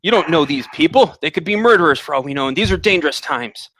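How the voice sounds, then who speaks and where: A man doing a gruff, wary farmer father. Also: fairly high pitch, lively intonation, fast, pushed and bright, slight background noise, poor audio. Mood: scolding. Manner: scolding, suspicious.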